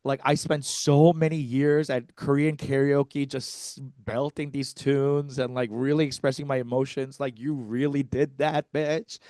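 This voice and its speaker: A man's voice: mid-range voice, unhurried, hardly any pauses, no echo, clean studio sound. A man co-hosting a comedy podcast, telling a story with lots of swearing and acted-out quotes. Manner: animated, profane, acts out quotes.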